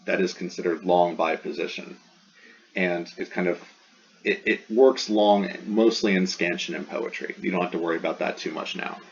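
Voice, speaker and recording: A man's voice: low voice, fairly even intonation, normal speed, a little hiss or hum. A man teaching a recorded lesson, explaining step by step and repeating sounds aloud. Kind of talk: recorded classroom lecture. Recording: dull lo-fi sound.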